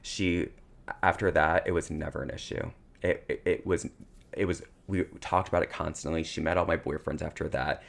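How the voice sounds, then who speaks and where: A man's voice: very deep voice, moderate pace, gravelly. A man co-hosting a podcast, telling a personal story in a casual, emotional way. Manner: emotional, tearful at times, animated storytelling. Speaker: podcast co-host.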